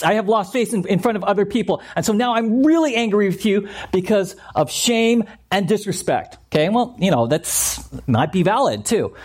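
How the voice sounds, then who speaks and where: A man preaching a sermon as a pastor, animated and conversational, acting out the voices he quotes. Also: high voice, breathy edge. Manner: animated, acts out quoted voices, repeats points.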